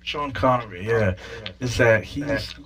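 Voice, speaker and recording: Opinionated guy ranting on a podcast, mid pitch, swears casually, pushes his points hard. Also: a little slow, fairly bright tone, low-quality recording. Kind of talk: casual chat.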